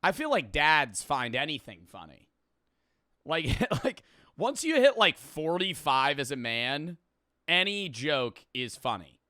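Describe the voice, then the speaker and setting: A young man reacts to a comedy video, rambling in a lively, swinging voice and swearing freely. His tone is bright and crisp, and the recording is close and dry. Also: a little high, slow pace, no room sound. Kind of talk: casual reaction commentary.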